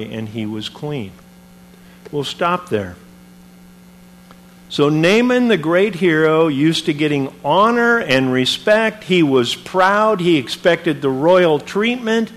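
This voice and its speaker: A man preaching a sermon, retelling a Bible story in an animated, conversational way with modern comparisons. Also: fairly high pitch, slow pace.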